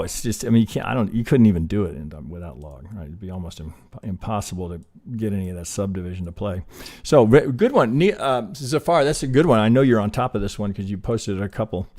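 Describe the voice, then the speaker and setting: A man leading a live trading stream analyzes charts and teaches casually, talking loosely through counts with occasional swearing and bursts of excitement. His voice is on the low side, expressive, brisk and a little mellow.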